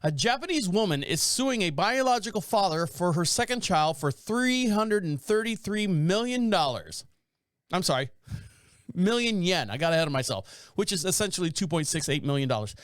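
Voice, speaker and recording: A podcast host reads news stories aloud and riffs on them in a joking, meandering monologue. His voice sits high and sing-song at a moderate pace, in a dry, studio-quality recording.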